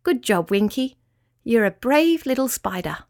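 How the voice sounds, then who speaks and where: A woman voicing a kind, friendly blackbird in a storybook, chirruping and gentle. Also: on the high side, sing-song, measured pace, no echo, studio quality.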